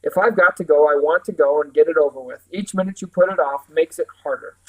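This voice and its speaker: A man's voice: fairly high pitch, quick pace, a bit bright, poor audio. A man reading aloud and voicing a frightened but brave young girl who speaks earnestly. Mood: pleading. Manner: pleading, earnest.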